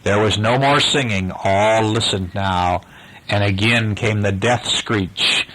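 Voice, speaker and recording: A man's voice: on the low side, slow, fairly bright tone, poor audio. An older man reading a bedtime story aloud to a child, with casual asides to the listener.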